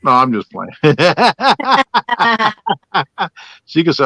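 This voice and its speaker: Joking man with lively swooping voice. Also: a little high, very slow, no room sound, poor audio. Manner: jokey, laughing, puts on silly voices. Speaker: co-host. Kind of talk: casual live chat.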